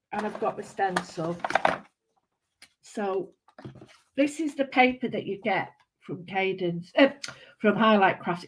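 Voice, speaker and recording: In a mid-range voice over some background noise, a female craft tutor rambles through a live demonstration, giddy and talkative, exclaiming to the people watching.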